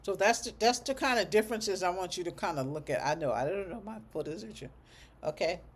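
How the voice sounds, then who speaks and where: In a relaxed, conversational livestreamed class, a medical coding instructor with a middling-pitched voice reads code numbers out slowly and repeats them. Sentences keep ending in a checking "okay?", and the occasional aside is thought through aloud while teaching.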